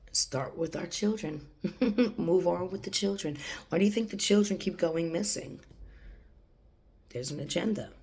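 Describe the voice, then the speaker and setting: A woman's voice: deep voice, vocal fry, darkish tone. A woman talking to camera in a rambling casual monologue, laughing often and sometimes dropping to a whisper. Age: adult, has a young daughter. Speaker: channeler.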